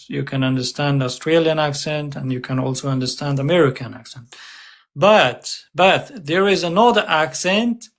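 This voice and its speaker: A man, a guest in an interview, answering in a relaxed, chatty way. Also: a little high. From Afghanistan. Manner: relaxed, chatty, with frequent uh fillers. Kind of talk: casual interview chat.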